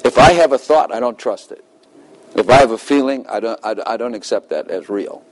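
A middle-aged man preaching in a relaxed, chatty way. He laughs often and slips into short acted-out exchanges with God, and his pitch sits in an ordinary middle range for a man. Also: a little fast, rough recording. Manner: conversational, laughs often, acts out dialogues with God. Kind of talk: sermon.

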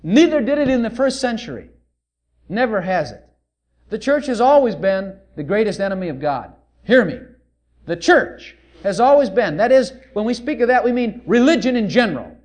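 A male preacher delivering a sermon, animated and full of rhetorical questions. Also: high voice, moderate pace.

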